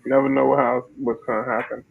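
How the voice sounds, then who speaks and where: Gravelly man on a tinny phone line. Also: medium pitch, little pitch movement, quick pace. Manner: laid-back, slangy. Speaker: podcast co-host. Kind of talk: casual chat.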